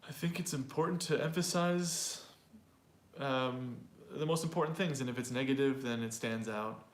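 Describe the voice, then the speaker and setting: Man, language teacher, chatty online pronunciation lesson, repeats example phrases, middle pitch, echoey room. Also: moderate pace. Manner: loose and chatty, with fillers and small laughs.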